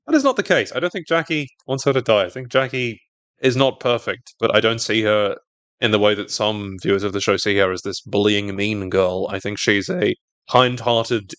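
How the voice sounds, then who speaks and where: Man, casual podcast recap, animated, acts out quotes, dry close sound. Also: on the low side, dry recording. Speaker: podcast co-host recapping a TV episode.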